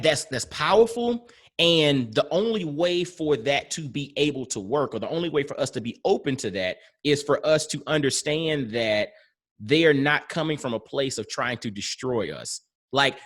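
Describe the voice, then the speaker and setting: A man's voice: medium pitch, fairly bright tone. Earnest, reflective man hosting a podcast. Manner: earnest and reflective, builds on analogies. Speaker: podcast host. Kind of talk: casual podcast interview.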